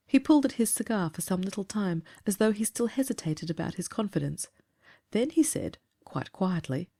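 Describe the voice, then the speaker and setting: A woman narrating a classic story in a composed, even reading. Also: mid-range voice, moderate pace.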